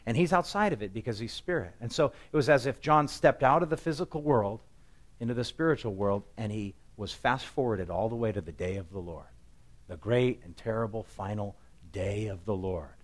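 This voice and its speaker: A man preaching an expository sermon in a conversational way, swinging between loud emphatic passages and quiet, low asides. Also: moderate pace. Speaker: pastor.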